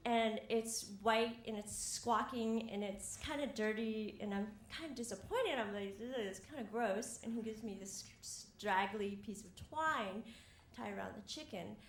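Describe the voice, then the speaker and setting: Young woman telling a funny story onstage into a mic, kinda high voice, echoey room. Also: sharp tone, slight background noise. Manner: wry, self-mocking, laughing through lines. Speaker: storyteller on stage. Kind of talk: live personal storytelling. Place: theater stage before an audience. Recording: roomy live hall with faint ambience.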